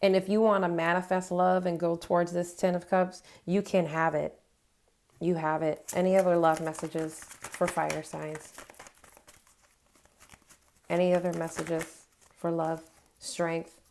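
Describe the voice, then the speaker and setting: Lower-voiced woman giving an emotional tarot reading. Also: level tone, unhurried, pauses often, darkish tone, slight background noise. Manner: earnest, emotional, encouraging; gives affirmations straight to her viewers. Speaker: tarot reader. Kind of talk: tarot card reading to camera.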